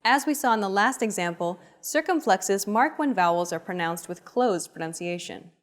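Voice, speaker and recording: Measured woman explaining grammar. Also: mid-range voice, lively intonation, soft background music. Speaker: language teacher. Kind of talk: scripted grammar narration.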